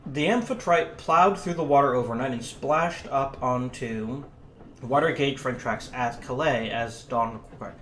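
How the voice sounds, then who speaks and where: An earnest young French valet narrates his travels with a put-on French accent, read by a man. The reading is steady and plain, in the manner of a storybook. The room rings with echo, and a faint hiss sits beneath the voice. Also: mid-range voice, unhurried, lightly acted. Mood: reflective. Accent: attempted French accent. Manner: reads first-person narration aloud.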